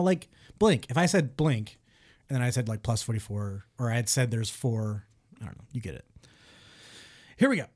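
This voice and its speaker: A man co-hosting a podcast, running a music guessing game in casual, playful banter full of teasing and swearing. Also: mid-range voice. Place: small room with a window.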